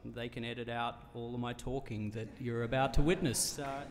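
A slight hiss or hum accompanies this medium-pitched, steady Australian voice at normal speed. Between songs at a live music venue, the singer-songwriter tells the audience a long comic story, rambling and self-deprecating with many fillers and restarts, recorded with concert-hall reverb.

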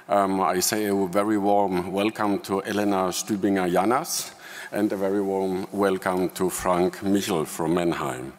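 Non-native German man, lowish voice, hesitant panel speaker, hall echo. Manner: hesitant, many ums, careful non-native phrasing. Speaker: city official panelist. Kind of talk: panel presentation. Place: large conference hall. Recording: long hall reverb.

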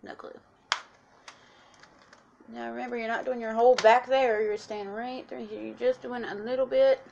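A woman's voice: on the high side, fairly even intonation, normal speed, vocal fry, pauses often, darkish tone, muffled recording, slight background noise. A woman chatting through a casual makeup tutorial, talking straight to her viewers and explaining each step. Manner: chatty, instructive, addresses viewers as guys. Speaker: makeup vlogger.

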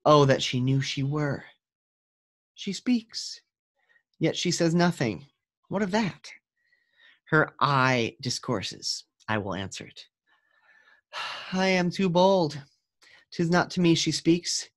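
A lovestruck young nobleman, read by a man in an everyday speaking voice. He is earnest and measured, taking the verse slowly and steadily, like a stage play read aloud. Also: fairly high pitch, animated, voice pushed up. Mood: adoring.

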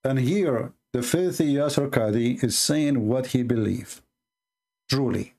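A religious commentary host with a mid-range, darkish voice and vocal fry speaks a little slowly. Reacting live to video clips, he's indignant and emphatic, repeating words to press his point.

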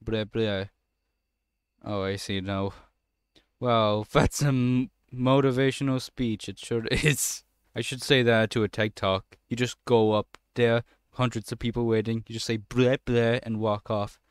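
A man's voice: medium pitch, steady tone, moderate pace, clean tone, no room sound, studio quality. Sarcastic man doing game commentary. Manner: sarcastic, swears casually, chats to game characters. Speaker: gamer playing a horror game. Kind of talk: let's play commentary.

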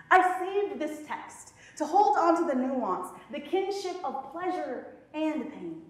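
A woman poet performing spoken word in a college hall, with rhythmic, dramatic delivery and playful laughing asides to the audience. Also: high-pitched. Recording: very echoey hall.

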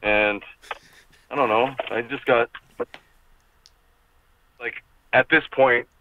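A man's voice: mid-range voice, fairly even intonation, slow pace, slight background noise. A middle-aged man talking in a casual, rambling and profane way, as an interview guest speaking from his car over a video call. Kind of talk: casual chat. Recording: tinny call audio, dry.

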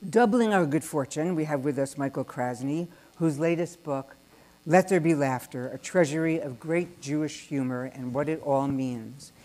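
A woman hosting the event, reading a formal, measured introduction of the speakers in a large synagogue hall. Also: sits low, mellow.

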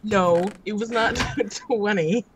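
A woman's voice: mid-range voice, slow, background noise. Sarcastic, teasing woman gamer. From United States. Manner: sarcastic, teasing, laughs often. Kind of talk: casual gaming chat.

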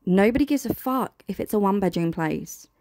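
A woman's voice: medium pitch, animated, brisk, darkish tone, a little hiss or hum. A British woman giving blunt, sarcastic reaction commentary as host.

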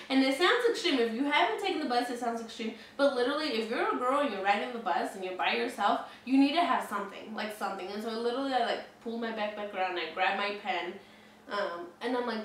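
A chatty young woman in her twenties tells a story, leaning on "like" and swearing freely, in a slightly high voice. She is recorded from a distance in a very echoey room with faint noise behind her. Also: lively intonation, a little fast. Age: 20s. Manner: chatty, heavy use of "like", frequent swearing. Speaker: vlogger. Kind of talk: casual storytelling.

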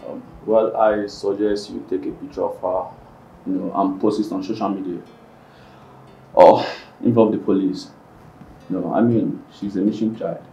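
A self-assured doctor, gravelly low voice in a roomy space. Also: male voice, fairly even intonation, moderate pace, dark tone, muffled recording, a little hiss or hum. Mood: calm. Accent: Nigerian. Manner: reassuring, confident. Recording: roomy, distant film sound with music.

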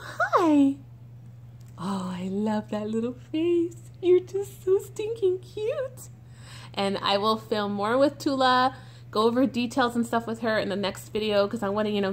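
A woman vlogger chatting casually and gushing excitedly while she opens a box of baby items. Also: a little high, a little hiss or hum. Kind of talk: casual unboxing chat.

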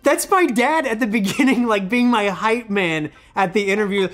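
A man's voice: high-pitched, moderate pace, hardly any pauses, fairly bright tone, soft background music. A man in his thirties, a former child actor, reviewing his old outfits in a playful, self-mocking casual vlog.

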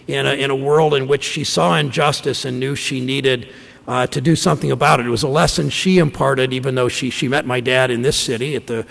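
A man in his fifties from Ohio, a senator giving a speech to a conference audience, telling stories in a folksy way with halting restarts. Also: medium pitch, fairly even intonation, fairly bright tone. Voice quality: gravelly voice. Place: large conference room. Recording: long hall reverb.

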